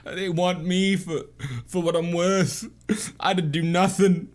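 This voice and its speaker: A man's voice: flat delivery, slow. A man doing a frail, pleading young captive. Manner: high, strained, desperate pleading.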